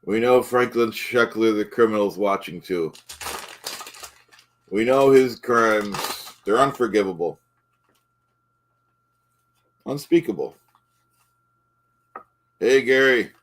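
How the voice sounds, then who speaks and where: A man's voice: fairly low pitch, takes it slowly, pauses often, a bit bright, a little hiss or hum. A man playing a pompous, touchy middle-aged man who cooks eggs on a live stream, rambling and insisting on his own facts. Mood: blustering. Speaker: livestream host in character. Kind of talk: improvised character comedy stream.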